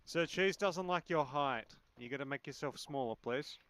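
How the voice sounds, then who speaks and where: A man's voice: a little high, moderate pace, fairly bright tone, clean tone. A young man in playful game voice chat, teasing in a mock-formal way. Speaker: game player.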